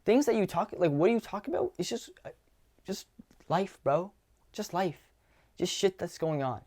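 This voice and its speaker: An animated young man with a slightly higher voice coaches on dating in a loose, casual monologue. He swears freely and jumps into quick acted-out lines from his own talks with strangers. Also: gravelly.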